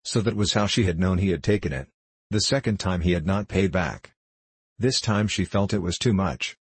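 A man narrating a novel in a measured, even storytelling delivery. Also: deep voice, breathy edge, dry recording. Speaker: audiobook narrator.

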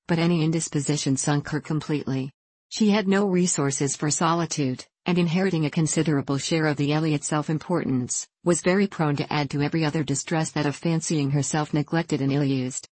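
A woman narrates an audiobook in a measured, even way. Her voice is low. The recording is close and completely dry. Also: no echo, poor audio.

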